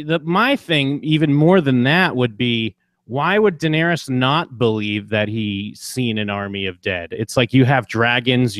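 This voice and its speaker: A young man chatting as a podcast co-host, loose and jokey, with quick mocking asides. His voice sits at an everyday middle pitch. The mic is close and dry, with no room sound. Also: a bit bright, dry recording. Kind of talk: casual chat.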